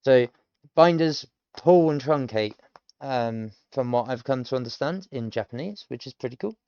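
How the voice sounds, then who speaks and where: A thirty-something British language-learner streamer muses casually about his self-study, explaining pronunciation with frequent ums as he rambles. At a moderate pace, his medium-pitched voice has lively intonation and a darkish, clear, resonant tone, though the dry recording sounds muffled.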